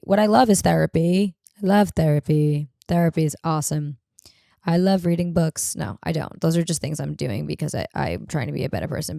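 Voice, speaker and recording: Low, gravelly woman telling blunt stories. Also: dark tone, no echo, studio quality. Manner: blunt, profane, rambling storyteller. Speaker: podcast host. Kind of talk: casual comedic monologue.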